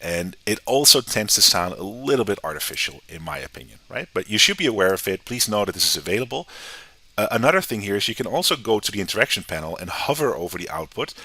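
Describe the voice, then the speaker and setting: An American man giving a casual, conversational software tutorial, often checking in with "right?". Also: lowish voice, quick pace, slightly rough. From United States. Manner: relaxed, conversational, often tags sentences with "right?". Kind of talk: screen-recorded software tutorial.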